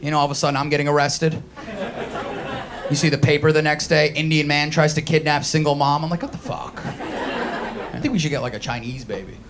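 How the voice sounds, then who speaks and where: Laughter rolls through the room as a New York comedian from Queens works a live stage with crude, brash material, voicing the characters he quotes. He speaks on the high side, briskly and in fairly even intonation, pausing often against a noisy background.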